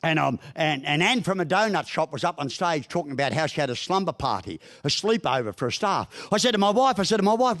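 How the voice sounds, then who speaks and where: A middle-aged man with an Australian accent gives a humorous business talk, spinning folksy yarns with blunt mild swearing. His voice sits fairly high for a man. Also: very animated, fast, few pauses, a bit bright. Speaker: business speaker. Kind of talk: humorous keynote speech.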